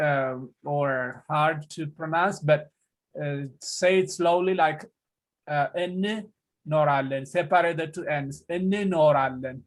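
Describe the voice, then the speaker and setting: A man with an Ethiopian accent leads a one-on-one language lesson on a video call. His voice sits a little high for a man, and he repeats each word slowly and patiently for his student. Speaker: language teacher.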